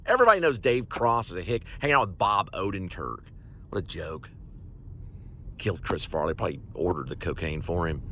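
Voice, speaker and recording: A man rambling jokingly while driving, tossing out deadpan asides and correcting himself. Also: low voice, fairly quick, vocal fry, slight background noise. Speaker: vlog host.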